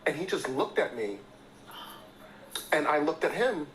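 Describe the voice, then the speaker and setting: A man's voice: on the high side, lively intonation, a little slow, fairly bright tone, a little hiss or hum, rough recording. A man telling a funny story in a short social video, dramatic and exasperated. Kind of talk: storytelling clip.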